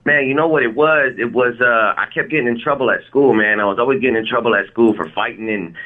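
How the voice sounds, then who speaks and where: Fast-talking man on a tinny line. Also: medium pitch. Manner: laid-back, slangy, lots of "you know what I mean". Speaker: rapper guest. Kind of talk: casual interview storytelling. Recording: phone-like lo-fi line.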